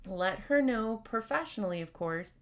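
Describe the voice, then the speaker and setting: A woman's voice: medium pitch, animated, moderate pace. Frank woman podcast host giving advice. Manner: frank, conversational, with many fillers. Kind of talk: casual advice talk.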